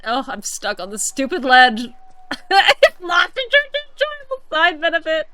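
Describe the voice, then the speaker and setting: A woman's voice: high-pitched, huge pitch swings, a little slow, pushed and bright, no echo. A woman giving casual commentary while playing a video game, often breaking into long laughing fits. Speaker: gaming streamer.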